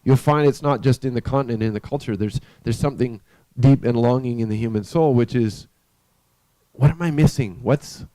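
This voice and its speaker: A man with a mellow, dark voice recounts a story at an unhurried, conversational pace. His sound is dry and close, with no room echo. He now and then turns to his listeners with a question. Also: mid-range voice, steady tone. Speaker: live stream host. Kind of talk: spoken storytelling with a spiritual message.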